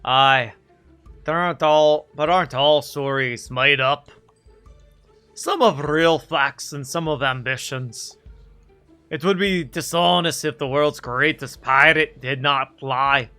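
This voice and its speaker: Guy putting on a vain scottish pirate captain, big showy speeches, bright voice. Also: fairly high pitch, takes it slowly, faint music behind, full character voice. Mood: boastful. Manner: grandiose, theatrical speech. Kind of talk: voicing game dialogue on a stream.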